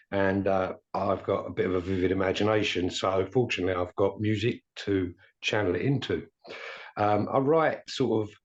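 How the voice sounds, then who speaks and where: Low-voiced English musician on a lo-fi line. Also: male voice. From England. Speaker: musician guest. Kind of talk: podcast interview.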